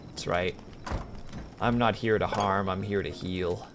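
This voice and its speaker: A man's voice: low-pitched, fairly even intonation, measured pace, long pauses, a little hiss or hum. A man streaming a game, chatting casually with his viewers while he plays and hopping between the game and replies to chat.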